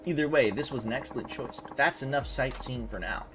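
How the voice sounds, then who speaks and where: A man voicing a polite, composed male secretary and bodyguard, speaking in a formal, measured way. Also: mid-range voice, very noisy, close to an everyday voice.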